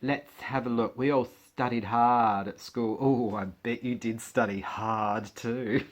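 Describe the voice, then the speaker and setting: A man talks to his camera in a loose, casual way, with his voice sitting at an ordinary middle pitch. He laughs often and drops playful little jokes as he talks. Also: steady tone, a little slow. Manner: chatty, giggly, joking asides while leafing through a magazine. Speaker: vlogger. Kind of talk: casual chat.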